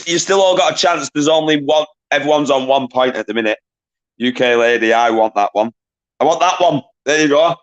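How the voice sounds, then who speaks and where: Man, live quiz host, chatty shout-outs to viewers, casual swearing, mid-range voice. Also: medium pitch. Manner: banters with chat, quick shout-outs, swears casually, laughs often. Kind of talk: casual live-stream chat.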